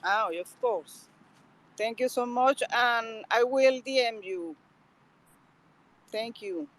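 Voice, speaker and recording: A woman's voice: on the high side, slow, rough recording. A woman speaking earnestly as a guest in a casual audio chat.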